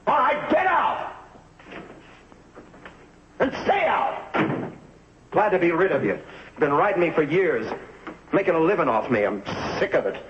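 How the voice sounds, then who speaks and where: A man's voice: a little high, lightly acted. A man playing a touchy, ailing cartoonist who snaps and sulks, his voice lifting and dropping widely as he complains. The sound is dull and lo-fi, with a faint hiss behind it, like an old TV soundtrack. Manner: bitter, snapping, shouts when angry. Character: irritable ailing male cartoonist, self-pitying and defensive. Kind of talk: 1950s TV drama acting.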